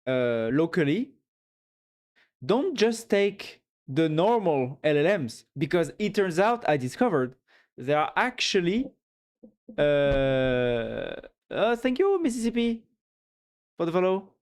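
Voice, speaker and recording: A male streamer with a French accent chats loosely during a casual live stream, reading chat messages aloud, thanking followers, and rambling with fillers and giggles. His voice is fairly high and darkish, very animated, but he speaks slowly.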